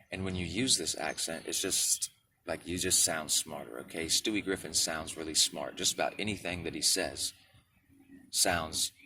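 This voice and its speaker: A man's voice: low voice, distant mic, background noise. A man from Michigan giving a casual spiritual talk to camera, often checking in with the listener with "right?" and "okay?". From Michigan, United States. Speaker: spiritual video creator.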